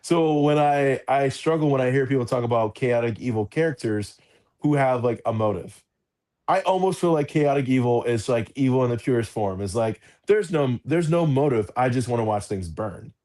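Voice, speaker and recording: Guy at a normal pitch, rambling, says like and you know constantly. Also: normal speed, mellow. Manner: rambling, heavy use of fillers like "like" and "you know". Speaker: podcast co-host. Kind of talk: casual chat.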